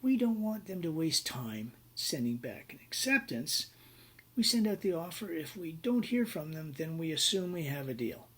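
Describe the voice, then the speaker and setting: A man voicing an outgoing, jovial male Australian businessman with an Australian accent, loud and high. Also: very animated, moderate pace, slightly rough, heavily acted. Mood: breezy.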